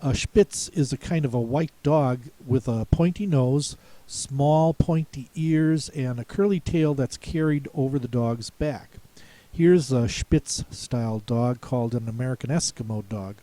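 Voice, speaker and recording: A man teaching a spelling lesson, speaking slowly and deliberately, pausing to repeat words and spell them out. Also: medium pitch, mellow, dry recording. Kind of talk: slow explanatory lesson.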